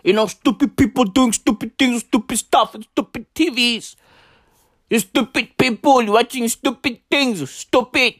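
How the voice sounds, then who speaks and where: A woman's voice: fairly high pitch, a little slow, no room sound, studio quality. A woman hosting a podcast, ranting comically with constant swearing and rhetorical questions. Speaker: podcast host. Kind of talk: profane comedic rant.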